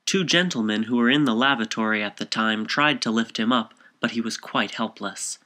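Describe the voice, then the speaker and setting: A man reading a short story aloud as narrator in a measured, composed way. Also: medium pitch, sharp tone.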